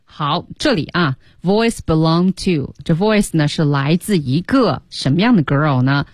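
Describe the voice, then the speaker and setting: A woman teaching English on radio, explaining slowly and stretching key words. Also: deep voice, animated, no room sound, studio quality. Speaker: language teacher.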